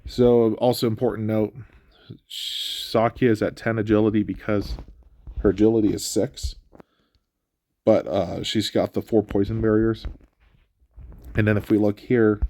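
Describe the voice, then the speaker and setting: A man with a stuffy nose giving relaxed, explanatory game walkthrough commentary with frequent fillers. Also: fairly low pitch, unhurried, long pauses. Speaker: gameplay commentator.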